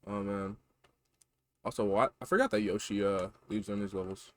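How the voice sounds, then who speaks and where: A tired man streaming a video game, talking in low, mumbling, self-mocking asides. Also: fairly even intonation, normal speed. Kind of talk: casual game-stream commentary.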